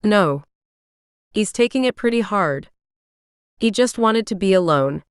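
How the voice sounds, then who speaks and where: A woman's voice: medium pitch, lively intonation, measured pace, clean tone, no room sound, studio quality, close to an everyday voice. A woman voicing a curt, defensive young man who talks coldly and sneers, in an audiobook reading. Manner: cold, sneering.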